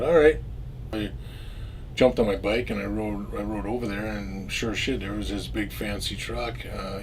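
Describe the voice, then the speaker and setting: A middle-aged man with a fairly low voice tells a long story in a loose, rambling way. He swears freely, trips over his words and starts sentences again, and acts out what each person said. A faint hiss sits under the recording. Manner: rambling and profane, with many restarts, acting out both sides of old conversations. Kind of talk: casual first-person storytelling.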